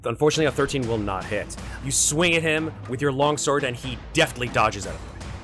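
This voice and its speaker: A man narrating a tabletop game as dungeon master in a lively, animated way. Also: mid-range voice, fast talker, music in the background.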